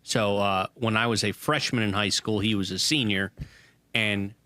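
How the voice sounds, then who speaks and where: A man's voice: fairly low pitch, fairly even intonation, normal speed, bright, forceful tone, dry recording. A man co-hosting a casual sports podcast, telling stories in a rambling way with lots of fillers. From Southern United States. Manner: rambling storyteller with frequent fillers. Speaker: podcast co-host.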